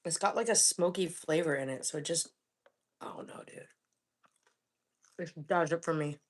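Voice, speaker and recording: A woman in her forties chats casually on a live cooking stream, her voice sitting a little low for a woman. She talks in a relaxed, rambling way and hums contentedly between bites. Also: normal speed. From Florida. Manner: relaxed, chatty, hums with food between remarks. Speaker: livestream host cooking and eating. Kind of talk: casual live chat while eating.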